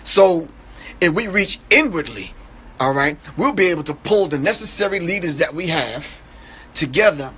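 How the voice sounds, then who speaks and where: A man with a high voice talks in a relaxed interview, pressing his points with emphasis and often asking whether he is understood. Faint noise sits under the recording. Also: moderate pace. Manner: emphatic, repeats "you understand what I'm saying". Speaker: interview guest. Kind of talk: casual conversational interview.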